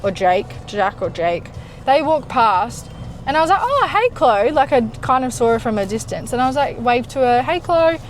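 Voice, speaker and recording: Sitting in a parked car, a young woman vlogger with a fairly high voice chats casually at normal speed, telling a story with animation, acting out the dialogue and swearing now and then. The low-quality recording carries a little hiss or hum.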